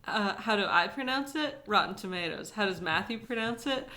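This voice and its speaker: A woman's voice: medium pitch, expressive, normal speed, pushed and bright. A woman co-hosting a podcast in a casual chat, with wry, teasing remarks. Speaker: podcast co-host.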